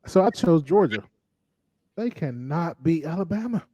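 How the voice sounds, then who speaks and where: A man's voice: on the high side, very animated, normal speed, warm tone, breathy edge, no room sound. A man co-hosting a casual talk show, chatting in a laid-back, drawling way with mocking asides. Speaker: podcast co-host. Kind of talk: casual chat.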